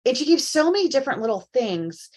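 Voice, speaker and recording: A woman co-hosting a casual talk show, telling personal stories in an animated, candid way. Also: high-pitched, quick pace. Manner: animated storyteller, acts out quoted voices. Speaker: co-host. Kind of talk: casual chat.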